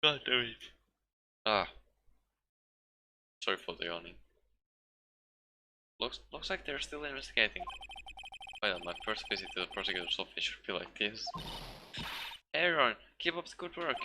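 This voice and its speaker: A man's voice: on the low side, sing-song, normal speed, long pauses, background noise. A man streaming a game, reading the lines aloud with casual, chuckling commentary, and game music behind. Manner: casual, chuckling, self-interrupting.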